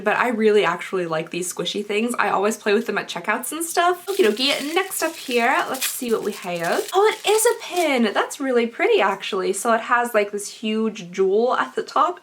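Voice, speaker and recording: A chatty young woman unboxing gifts, her fairly high voice a little rough because she is sick. She rambles freely and gets excited with every new item. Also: slight background noise. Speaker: unboxing vlogger. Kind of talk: casual unboxing chat.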